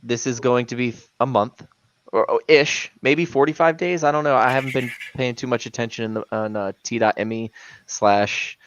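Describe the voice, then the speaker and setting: A man's voice: mid-range voice, normal speed, a bit bright, lo-fi sound, slight background noise. A man co-hosting a casual crypto livestream, talking emphatically and saying "man" often. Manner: emphatic, says "man" a lot.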